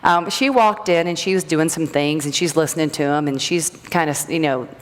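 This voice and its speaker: Chatty low-voiced woman in a hall. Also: normal speed. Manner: rambling, chatty, self-interrupting storyteller. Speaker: graduate speaker, natural health practitioner. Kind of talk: casual speech to a live audience. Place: event hall. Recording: long hall reverb.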